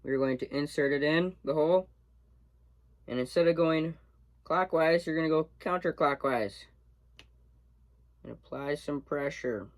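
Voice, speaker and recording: A young man, a student, demonstrates a workshop task, casually talking through each step as he works. His voice is on the high side and a little slow, with long pauses. It's captured dry on a camera mic.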